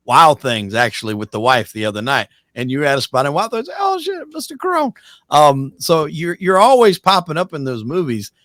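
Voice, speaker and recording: A man hosting a podcast who interviews his guest in a relaxed, chatty way. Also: medium pitch, no echo, studio quality. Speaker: podcast host. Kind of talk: casual interview.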